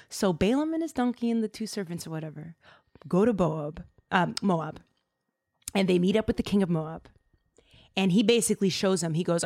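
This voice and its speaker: A woman telling a story casually, animated and slangy with lots of fillers. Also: medium pitch, a little fast.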